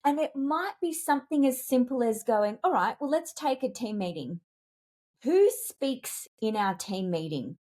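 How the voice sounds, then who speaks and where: A woman speaking as a communications expert and executive coach in a podcast interview, telling stories in an animated, emphatic way with big leaps in pitch. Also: unhurried. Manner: animated, emphatic storytelling with wide pitch jumps.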